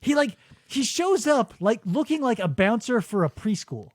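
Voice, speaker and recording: A man hosting a podcast, telling a story in animated casual chat and laughing often. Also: very high-pitched, no echo, clean studio sound. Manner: animated, jumps into quick voices and laughs a lot. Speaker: podcast host. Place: radio studio.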